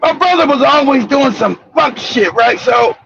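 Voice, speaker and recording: High gravelly man telling a loud story. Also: moderate pace, slight background noise. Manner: loud, laughing, profane, animated. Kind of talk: casual profane storytelling. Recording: dull lo-fi recording.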